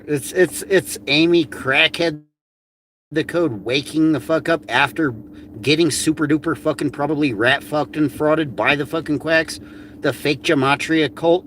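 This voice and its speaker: A man's voice: fairly high pitch, a bit bright, a little hiss or hum. A man ranting on a video, sneering and crude, swearing constantly as he mocks people. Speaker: ranting vlogger. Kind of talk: profane mocking rant.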